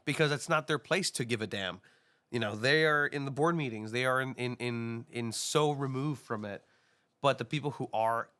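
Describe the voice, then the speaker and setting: A man co-hosting a casual podcast, animated and urging, often repeating himself. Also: mid-range voice. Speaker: podcast co-host.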